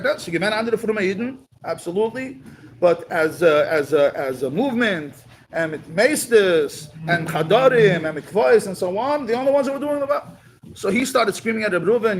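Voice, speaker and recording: A man's voice: sits high, animated, moderate pace, vocal fry, slight background noise, poor audio. A man giving a talk, telling a story at a community gathering and mixing in Yiddish and Hebrew words.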